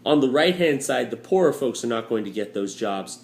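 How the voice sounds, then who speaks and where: A man's voice: mid-range voice, lively intonation, fairly quick, a little mellow. A man teaching a history lesson in a casual, joking way, with frequent fillers, recorded at home. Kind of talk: recorded lecture walkthrough. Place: home room with a dryer running. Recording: roomy echo.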